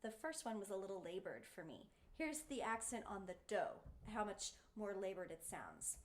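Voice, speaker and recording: A woman's voice: medium pitch, sing-song, moderate pace. A woman giving a singing lesson, encouraging her students and showing them the sounds with sung vowels. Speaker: voice teacher.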